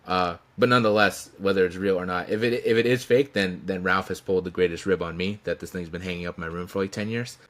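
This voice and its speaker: Deep-voiced man rambling through stories. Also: steady tone, quick pace, hardly any pauses. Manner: rambling, with restarts and chuckles. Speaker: channel host telling stories. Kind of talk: casual storytelling tribute. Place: indoors, his room.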